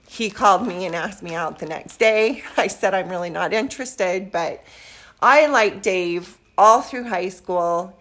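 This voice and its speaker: An older woman with a fairly low voice tells stories from her youth in a relaxed family interview. She slips into the voices of the people she quotes, which keeps her telling lively. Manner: lively storyteller who acts out quoted dialogue. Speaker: grandmother being interviewed. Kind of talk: casual storytelling interview.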